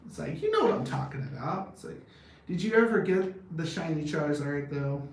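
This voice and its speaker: A man's voice: a little high, animated, moderate pace. Man in his 30s, casual vlog rambling, blunt and profane, very echoey room, far from the mic. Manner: blunt, profane, laughs often. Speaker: vlogger. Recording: very echoey, distant from the mic, faint background noise.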